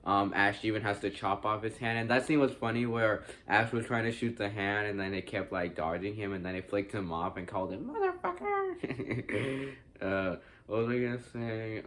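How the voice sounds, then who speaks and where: A young man talks through a movie review in a loose, unscripted way. His voice sits a little low, and he keeps circling back with fillers, restarts and casual swearing. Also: moderate pace, few pauses, fairly bright tone, a little hiss or hum. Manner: rambling, many fillers and restarts, swears freely. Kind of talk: casual spoken film review.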